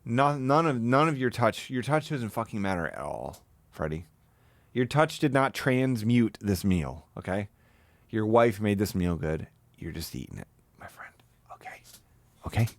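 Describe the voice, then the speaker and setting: A man's voice: lowish voice, lively intonation, unhurried, dry recording. A young man live-streaming his commentary on a video, mocking the clip with profane, swooping outbursts. His voice rises and falls widely, and it sounds close and dry, with no room in it.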